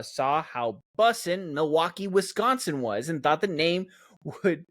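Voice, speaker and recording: A man's voice: on the high side, fairly bright tone, no echo, clean studio sound. A young man co-hosting a comedy podcast, joking, swearing and reading facts aloud in casual banter. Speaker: podcast co-host.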